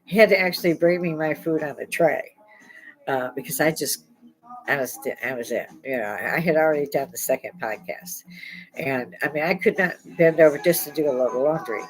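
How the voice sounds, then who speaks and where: A woman's voice: deep voice, brisk, soft background music, rough recording. An older woman hosting her own podcast, chatting in a rambling, blunt way and laughing often. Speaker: podcast host. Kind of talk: rambling casual monologue.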